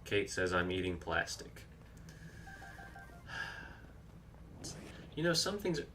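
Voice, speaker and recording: A man's voice: deep voice, big pitch swings, takes it slowly, pauses often, pushed and bright, slight background noise. A man streaming a video game, chatting casually, reacting aloud to the action and reading out viewer comments. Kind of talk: live gameplay commentary.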